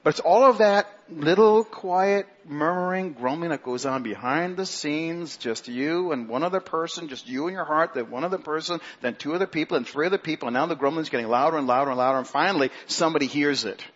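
A man preaching a sermon as pastor, animated, mimicking grumbling people in a mocking high voice. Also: fairly quick, few pauses, dull audio.

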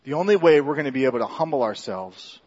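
A man's voice: mid-range voice, expressive, quick pace, darkish tone, highs cut off. A man preaching a sermon in a church, talking in a loose conversational way with restarts and self-deprecating asides. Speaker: pastor. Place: church sanctuary.

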